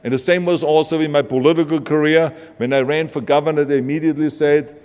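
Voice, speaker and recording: A man's voice: mid-range voice, fairly even intonation, quick pace, few pauses, a little mellow. An older man from Austria with a heavy Austrian German accent, giving an emphatic motivational speech full of punchy anecdotes. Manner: emphatic storytelling, punchy lines. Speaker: keynote speaker. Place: large event hall. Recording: long hall reverb from a live stage.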